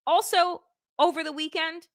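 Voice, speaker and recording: A woman's voice: very high voice, steady tone, moderate pace, dry recording, clean studio sound. A middle-aged woman giving heated political commentary on a podcast, blunt and fiery, swearing for emphasis. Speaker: podcast co-host.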